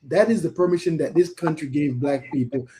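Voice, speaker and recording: A man's voice: fairly high pitch, a little fast, noisy background. A man co-hosting a casual podcast, earnestly urging listeners to get out and vote. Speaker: co-host.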